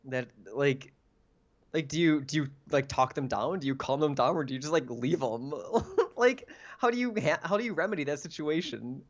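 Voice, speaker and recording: A man co-hosting a podcast in casual chat, full of fillers, jokey and quick to laugh. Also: a little high, animated. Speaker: podcast co-host. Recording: dull lo-fi mic.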